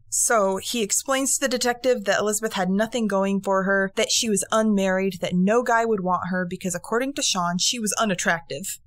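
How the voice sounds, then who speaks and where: A woman hosts a casual true-crime podcast, retelling the case in an animated way. She swears freely and acts out the quotes. Her voice sits close and dry, with no room sound. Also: mid-range voice, brisk, few pauses, no room sound. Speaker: podcast co-host.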